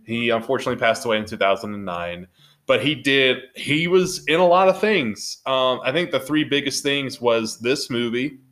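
A man's voice: mid-range voice, lively intonation, normal speed, fairly bright tone. A man co-hosting a casual movie podcast, talking in an upbeat, rambling way full of fillers. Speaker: podcast co-host.

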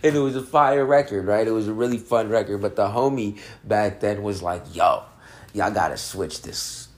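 A man's voice: on the low side, fairly quick, a little mellow. A man hosting a casual podcast, stoned and laid-back, rambling and laughing often as he talks about music. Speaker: podcast host reviewing music. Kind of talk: casual chat.

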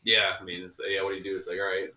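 A man from Cleveland chatting casually about sports with friends in a quick, talkative way. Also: sits low, level tone, pushed and bright. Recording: echoey room.

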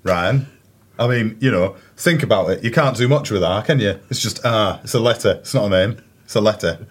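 A man's voice: lowish voice, a little fast. A man telling rambling comic stories in casual chat, often restarting and laughing. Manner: rambling, self-interrupting, laughing storyteller. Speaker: podcast co-host.

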